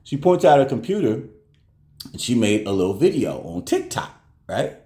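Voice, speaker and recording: A man's voice: medium pitch, normal speed, echoey room. A man telling a casual story to his viewers at home, acting out every person's voice as he goes. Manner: animated, acts out everyone's voices. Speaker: vlogger.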